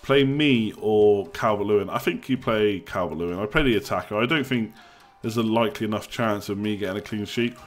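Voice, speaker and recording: A man's voice: lowish voice, brisk, hardly any pauses, faint music behind. A young man hosting a live stream, chatting casually, joking and reading out the chat. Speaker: livestream host.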